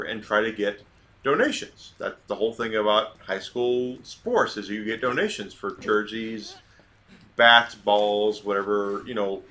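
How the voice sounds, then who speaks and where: A man's voice: on the low side, sharp tone, slight background noise. A man from Georgia streaming a game, telling a long story in a casual, rambling way and going off on tangents. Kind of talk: casual storytelling while gaming.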